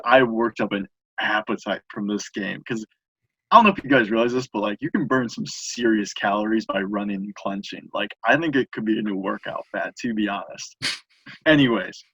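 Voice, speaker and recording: A young man casually telling a long funny story on a podcast, animated and acting out other people's lines. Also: fairly low pitch, husky, dry recording, lo-fi sound. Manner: animated, laughing storyteller acting out quoted voices.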